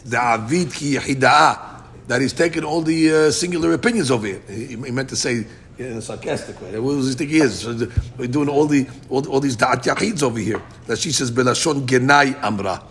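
A man with a gravelly, creaky voice leads a Talmud study class. He explains in English, slows down to chant Aramaic quotes, and often restarts a phrase before finishing the point. A faint rumble runs under the recording. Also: fairly bright tone. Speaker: Talmud teacher.

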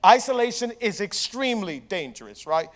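A young adult man giving a sermon as pastor, telling a story with animated asides and questions to the congregation. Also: high-pitched, moderate pace.

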